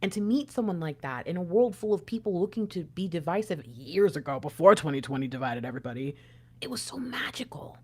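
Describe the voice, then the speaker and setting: A woman hosting a casual spiritual talk for her viewers, chatty and animated, dropping to soft whispers and rising to loud outbursts. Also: on the low side, fast, few pauses. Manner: chatty, frequent fillers and asides. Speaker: spiritual channel host.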